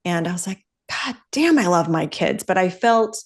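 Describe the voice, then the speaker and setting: A middle-aged woman with a lowish voice hosts a podcast at a normal speed. Chatty, upbeat and candid, she keeps things casual and drifts freely into swearing.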